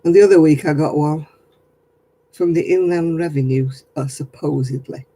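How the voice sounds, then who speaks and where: Husky, mellow British woman chatting. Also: sits low, normal speed, low-quality recording. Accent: British English. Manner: wry and chuckling, storytelling about prank callers. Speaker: craft vlogger. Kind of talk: casual chat.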